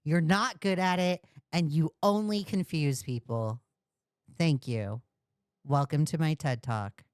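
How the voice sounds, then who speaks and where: A woman's voice: deep voice, slow, a little mellow, clear, resonant tone, no echo, clean studio sound. A woman streamer giving blunt, mocking commentary on a call during a livestream.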